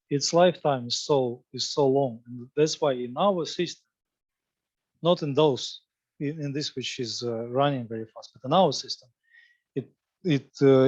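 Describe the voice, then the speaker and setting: A man with a fairly high voice gives a popular physics lecture, working through each idea step by step and rephrasing as he goes. The sound is dry, with no room echo, and slightly dull and lo-fi.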